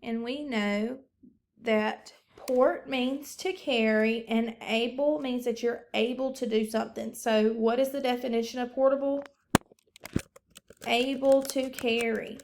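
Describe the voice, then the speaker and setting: A woman teacher giving a recorded phonics lesson, talking slowly and encouragingly to young pupils. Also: a little high, fairly even intonation, a little mellow.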